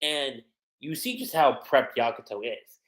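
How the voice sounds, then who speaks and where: Animated man reviewing manga, roomy echo. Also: medium pitch, a little slow. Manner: animated, slangy, retells scenes in quoted voices. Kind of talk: casual livestream chapter review.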